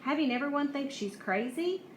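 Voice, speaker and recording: A woman voicing a calm, bossy girl who takes charge, speaking firmly in an organized way. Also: high-pitched, moderate pace, voice pushed up. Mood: planning. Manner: firm and organized. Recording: echoey room, faint hiss.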